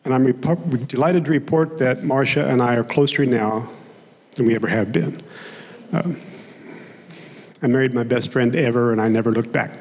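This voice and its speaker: Plain-spoken pastor in a hall. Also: male voice, medium pitch, normal speed, pauses often, darkish tone. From Oklahoma. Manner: conversational, plain-spoken preaching with asides. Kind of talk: sermon. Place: church sanctuary. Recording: long hall reverb in a sanctuary.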